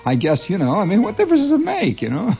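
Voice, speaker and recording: A man's voice: high voice, gravelly, warm tone, lo-fi sound. A man doing a stammering, argumentative comic monologue. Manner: talkative, argumentative, stammering restarts; chuckles often at his own lines. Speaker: comedian. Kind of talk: comedy monologue, one side of a conversation.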